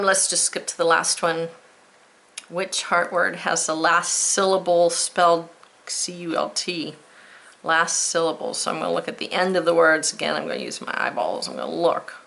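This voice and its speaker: Woman teacher, slightly low pitch, unhurried, spells out letters clearly. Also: bright, forceful tone. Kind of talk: spelling lesson.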